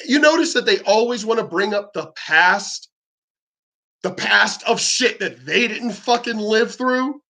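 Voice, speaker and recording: Male vlogger, high voice, angry profane rant with stammered restarts. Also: animated, unhurried, gravelly, pushed and bright. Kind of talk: angry ranting monologue.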